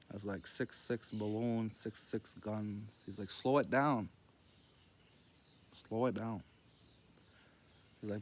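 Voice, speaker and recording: Slow, low-voiced man rambling. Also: a little mellow. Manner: meandering, loose, quoting others in a low murmur. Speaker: vlogger telling jokes. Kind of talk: rambling casual storytelling.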